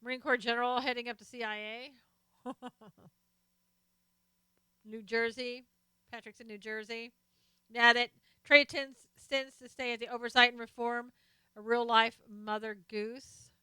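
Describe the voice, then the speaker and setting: A woman's voice: a little high, flat delivery, measured pace, pauses often, sharp tone, clean tone, dry recording. A woman hosting a live stream, casually chatting about politics and answering viewer comments as she reads them out. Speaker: live stream host reading chat.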